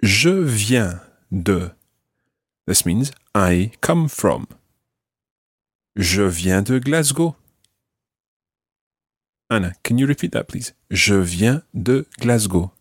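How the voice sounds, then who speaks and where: A man with a husky, fairly low voice leads a French lesson. His delivery rises and falls a great deal as he models each phrase slowly and patiently. The recording is close and dry. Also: lively intonation, no echo. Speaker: French teacher. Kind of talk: language lesson with a learner.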